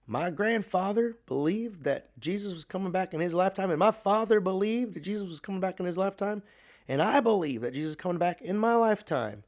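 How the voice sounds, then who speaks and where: An old revival preacher, put on by a man retelling a story, declaims his words with emphasis. The voice is pushed well above the teller's usual pitch and carries a little more volume. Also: lively intonation, fairly quick, darkish tone. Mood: emphatic.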